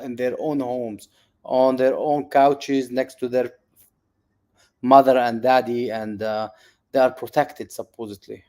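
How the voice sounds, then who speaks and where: A man hosting an online talk on a video call, speaking haltingly and searching for words, with some teasing. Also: medium pitch, mellow. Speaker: channel host. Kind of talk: casual online discussion.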